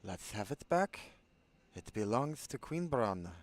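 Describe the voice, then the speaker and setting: A man's voice: medium pitch, big pitch swings, measured pace. A man voicing a menacing female bounty hunter from a game, with a lisp and an attempted Castilian Spanish accent. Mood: taunting. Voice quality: lisping. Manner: taunting, threatening.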